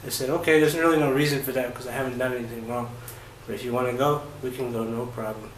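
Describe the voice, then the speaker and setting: A man's voice: medium pitch, fairly even intonation. Roomy-sounding man telling a travel story. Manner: halting, many fillers and restarts. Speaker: travel vlogger. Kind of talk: casual first-person storytelling. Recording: roomy echo with faint ambient noise.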